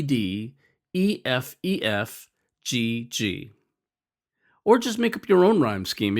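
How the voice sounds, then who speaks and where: A man narrating an educational video on poetry, explaining in a lively, conversational way. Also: medium pitch. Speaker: teacher.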